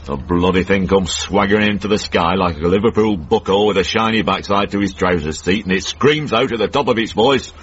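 An actor playing a cantankerous older northern man in a radio comedy drama, blunt and gruff with a Northern English accent. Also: sits low, a little fast, few pauses, fairly bright tone, a little hiss or hum. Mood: grumbling. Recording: dull old radio broadcast.

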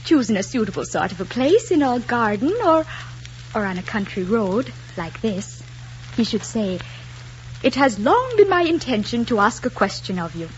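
A woman's voice: on the high side, very animated, moderate pace. An actress playing a spirited young woman in love, lilting and playful in 1940s radio acting style. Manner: lilting, playful, then defiant. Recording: dull old radio recording, faint hiss.

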